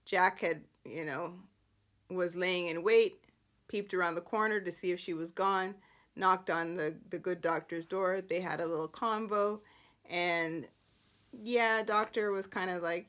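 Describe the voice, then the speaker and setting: A woman's voice: lowish voice, fairly even intonation, unhurried, fairly bright tone. A woman hosting a podcast, chatting casually and with amusement through a soap-opera recap full of rambling asides. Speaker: podcast host. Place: indoors at home.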